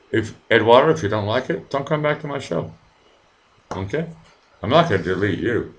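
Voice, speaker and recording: This live-stream host is a man with a fairly low, animated voice who speaks at a moderate pace with long pauses. He reads the chat and rants heatedly at viewers, swearing a lot and talking directly to them, in an echoey room.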